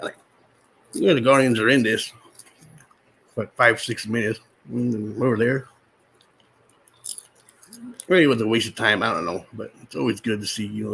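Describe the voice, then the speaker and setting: A man's voice: lowish voice, creaky, fairly bright tone, slight background noise, rough recording. A man reviewing a movie in a casual vlog, rambling and restarting his sentences, exasperated and incredulous, sometimes talking while eating popcorn.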